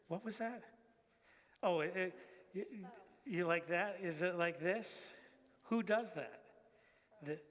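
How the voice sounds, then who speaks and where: A man, a pastor, giving a children's message in church and asking the kids friendly questions as he speaks into a microphone. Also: fairly high pitch. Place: church sanctuary. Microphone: handheld microphone. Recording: long reverb of a church hall.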